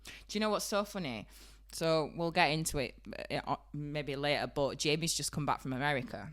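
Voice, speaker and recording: This Yorkshire woman, a beauty trainer co-hosting a podcast, has a deep voice and talks a little fast. She's bubbly and giggly, chatting casually about the beauty trade.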